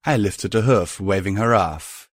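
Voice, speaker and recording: Low-voiced man reading a story. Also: unhurried, no echo, clean studio sound. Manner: steady first-person storytelling. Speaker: narrator. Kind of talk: audiobook reading of fan fiction.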